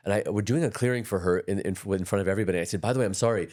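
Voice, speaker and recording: A man's voice: on the low side, rapid-fire, a little mellow. A man talking as a guest energy healer in a casual podcast conversation, telling rambling stories with many restarts.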